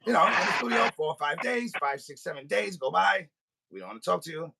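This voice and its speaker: A man's voice: high voice, expressive, fast talker, vocal fry, pushed and bright, slightly rough. A man hosting a podcast, telling a comic story in a rant and acting out both sides of a phone call. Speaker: podcast host. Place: recording studio.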